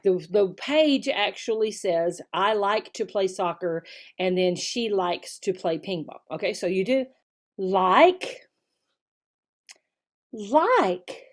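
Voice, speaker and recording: A woman teacher explaining how to teach slides. She speaks patiently, checks in with "okay?" and says key words slowly and clearly. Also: medium pitch, a little mellow. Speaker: online English teacher.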